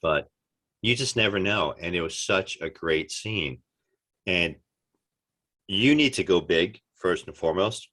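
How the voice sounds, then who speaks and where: Deep-voiced animated male storyteller. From United States. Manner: animated storyteller, acts out quotes. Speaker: actor guest. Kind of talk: casual interview chat.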